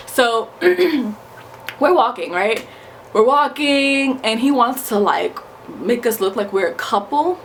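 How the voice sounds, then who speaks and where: A woman in her twenties from New York, telling a story in a casual vlog, animated, profane and emphatic. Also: a little high, slow, a little hiss or hum. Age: 20s. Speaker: vlogger.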